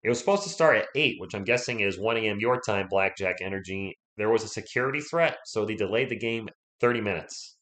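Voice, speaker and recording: A man's voice: lowish voice, lively intonation, fairly quick, hardly any pauses, fairly bright tone. A man hosting a sports livestream, chatting casually, rambling and greeting viewers by name, his voice still recovering from being sick. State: voice recovering from illness.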